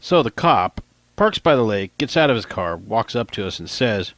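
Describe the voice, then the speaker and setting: A man's voice: fairly low pitch, very animated, moderate pace, a bit bright, no room sound. A man narrating his own novel as an audiobook in a plain, casual storytelling manner. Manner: plain, casual storytelling, quotes lines in lightly raised voices.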